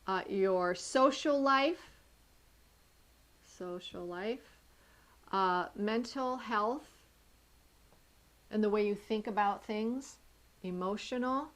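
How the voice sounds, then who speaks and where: A woman's voice: medium pitch, takes it slowly, pauses often. A woman coaching the viewer in an earnest, encouraging talk. She speaks directly to whoever is watching and stops now and then to correct herself as she writes her points down. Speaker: inner life coach. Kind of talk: motivational video talk.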